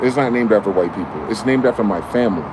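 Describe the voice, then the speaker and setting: A man's voice: fairly low pitch, expressive, quick pace. A man giving a rambling, profane late-night monologue, full of repeated phrases and rhetorical questions, in a slangy casual way of talking. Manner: talks in a casual slangy way, says "y'all" and "bro". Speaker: solo streamer. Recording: clear background noise with passing vehicles.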